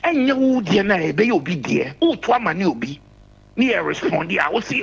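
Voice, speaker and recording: Emphatic high-voiced male caller. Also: sing-song, normal speed, creaky, fairly bright tone, husky, muffled recording. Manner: emphatic, repeats key phrases. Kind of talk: political call-in commentary.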